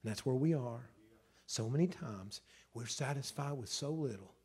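A middle-aged man, preaching a sermon in an emotional storytelling way that swells loud at the peaks. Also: medium pitch, normal speed, breathy edge. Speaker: pastor.

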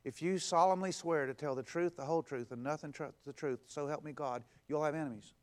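A pastor preaching a conversational sermon, stacking emphatic, repeated phrases and acting out what people say. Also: male voice, a little high, a little fast. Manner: repetitive, emphatic build-ups.

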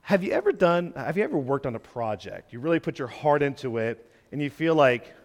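Conversational preacher in a reverberant church. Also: male voice, on the high side, sing-song, fairly quick, hardly any pauses. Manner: conversational, acts out quoted voices, jokes with the congregation. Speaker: guest preacher. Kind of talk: sermon. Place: church sanctuary.

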